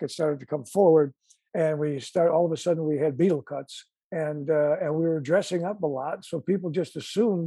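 Older Chicago man, husky and mellow. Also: fairly high pitch, dry recording. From Chicago, USA. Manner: rambling storyteller with many restarts. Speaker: guest musician. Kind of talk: casual interview chat.

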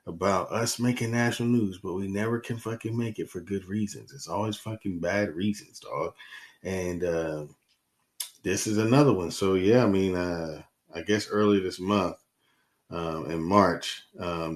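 A man talks in a lowish voice on his solo podcast. He rambles and curses, and his frustration keeps spilling over. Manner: heated, profane, rambling. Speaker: podcast host. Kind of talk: casual solo podcast monologue.

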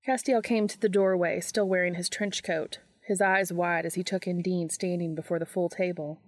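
A woman narrates a fan fiction audiobook in a steady, measured manner. Her voice sits a little low. The recording is close and dry with no room sound. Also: dry recording.

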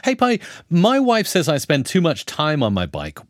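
Enthusiastic male podcast host, mid pitch, very expressive intonation. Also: normal speed, dry recording, studio quality. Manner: lively, enthusiastic storyteller. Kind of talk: casual podcast discussion.

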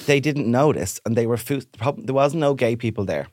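A man's voice: mid-range voice, a little fast, dry recording. A man co-hosting a podcast, telling a story with lots of acted-out voices in casual chat. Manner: animated storyteller, acts out voices. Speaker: podcast co-host.

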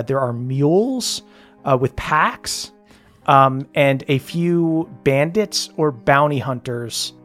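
A young adult game master narrating a tabletop game in a laid-back way, full of ums and uhs. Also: mid-range voice.

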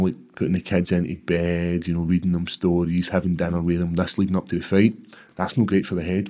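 A man's voice: low-pitched, mellow. A Scottish man in his thirties, a professional fighter telling his story candidly and bluntly in an interview, swearing freely.

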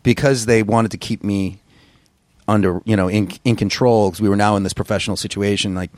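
A man who is a musician, telling stories in a casual interview, rambling and profane with a gruff voice. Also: lowish voice, fairly even intonation, fairly quick, no room sound, clean studio sound. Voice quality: gruff singer's voice. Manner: rambling, profane, self-deprecating storyteller. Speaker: musician guest.

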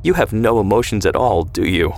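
A man voicing an emotional, teasing young husband in an audio story, gentle and earnest. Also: lowish voice, sing-song, fairly quick. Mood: tender.

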